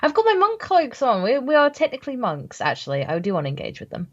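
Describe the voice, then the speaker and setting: A woman playing in a tabletop game, talking in a hesitant, relaxed way with many fillers. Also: high-pitched, fast talker, lo-fi sound. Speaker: player. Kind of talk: casual tabletop game play.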